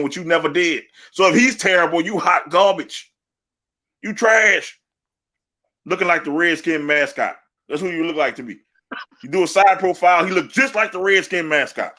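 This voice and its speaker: Animated laughing man, bright voice. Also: a little high, moderate pace. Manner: animated, laughing, trash-talking. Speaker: podcast co-host. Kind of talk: casual sports banter.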